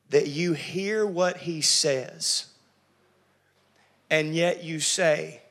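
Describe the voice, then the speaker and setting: High, bright-voiced animated male pastor. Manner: animated, acting out quotes with big pitch jumps. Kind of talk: sermon.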